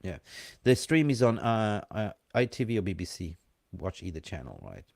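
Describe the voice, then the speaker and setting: Male live-stream co-host, mixed accent with an Aussie hint, excitable and chatty, lowish voice, dry close sound. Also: moderate pace, vocal fry, dry recording. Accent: mixed, hint of Australian. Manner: chatty, excitable, banter with viewers in chat. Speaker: fan channel co-host. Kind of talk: casual live-stream chat.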